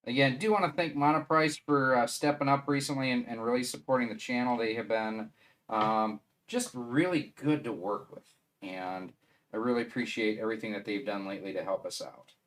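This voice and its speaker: A man's voice: mid-range voice, brisk, fairly bright tone, slight background noise. A man with a Wisconsin accent chatting casually on a live stream, rambling and thinking aloud as he assembles a 3D printer.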